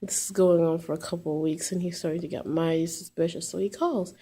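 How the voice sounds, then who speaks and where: A woman with a lowish, gravelly and husky voice tells a personal story in a loose, casual way. She rambles, with lots of fillers and restarts. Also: steady tone, fast talker, hardly any pauses, dark tone.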